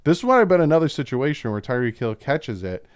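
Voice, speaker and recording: A man's voice: mid-range voice, big pitch swings, fairly quick, smooth, dry recording, studio quality. A man hosting a casual football film breakdown, talking as an opinionated fan with frequent asides. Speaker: YouTube football film-study host.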